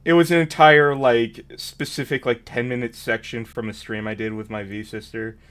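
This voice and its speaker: A man's voice: medium pitch, steady tone, normal speed, fairly bright tone. A man hosting a stream, chatting casually and laughing easily. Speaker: streamer host.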